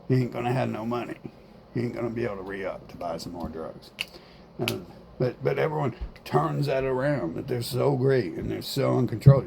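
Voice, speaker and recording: A man's voice: mid-range voice, vocal fry, warm tone, slight background noise. A man in a casual vlog monologue, rambling and repeating himself, swearing often and defiant in tone. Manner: rambling, repetitive, profane, defiant. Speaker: vlogger.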